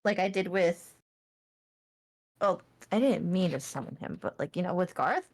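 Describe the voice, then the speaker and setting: A woman's voice: fairly low pitch, animated, moderate pace, darkish tone. A woman playing in a tabletop game over an online voice call, talking in a playful, bouncy way. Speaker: player. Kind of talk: casual chat during a tabletop game.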